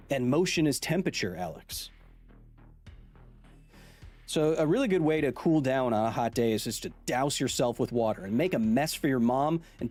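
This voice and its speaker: In his thirties, this man hosts a live stream, joking around casually and reading viewer comments aloud in a playful way. His voice is fairly high and a touch mellow.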